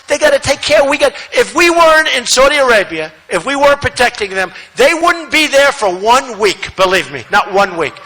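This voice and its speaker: A man giving a campaign rally speech, repeating phrases for emphasis and swinging between shouting and muttering asides. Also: very high voice, low-quality recording. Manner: repetitive, emphatic, rambling asides. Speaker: political speaker at a rally. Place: large rally venue, no seating.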